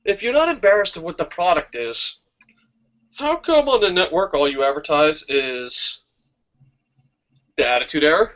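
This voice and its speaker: A man's voice: fairly high pitch, moderate pace, long pauses. A man hosting a wrestling talk stream, ranting casually with lots of swearing. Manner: profane, ranting, excitable. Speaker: wrestling talk show host. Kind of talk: casual live-stream chat. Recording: dull lo-fi stream audio.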